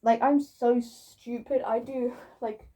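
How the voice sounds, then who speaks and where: A woman's voice: a little high, steady tone, slow pace, mellow, muffled recording. A young woman vlogging in a casual, rambling way, swearing freely and joking about herself. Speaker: YouTuber. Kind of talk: casual vlog monologue. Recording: voice a bit far from the mic.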